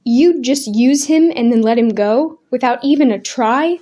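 A woman's voice: fairly high pitch, moderate pace, warm tone, dull audio, close to an everyday voice. A woman voicing an earnest young man who presses his case urgently. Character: young male craftsman, earnest and desperate.

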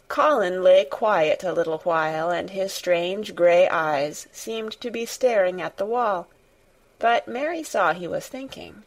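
A woman narrating a classic children's novel in a measured, expressive way. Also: fairly low pitch. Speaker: audiobook narrator. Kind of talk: scripted narration.

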